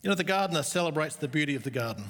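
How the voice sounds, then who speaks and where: Brief: middle-aged man, pastor, earnest sermon, fairly high voice, echoing hall. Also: expressive. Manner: earnest, slow emphatic stresses with warm asides. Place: church auditorium. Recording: echoey church hall.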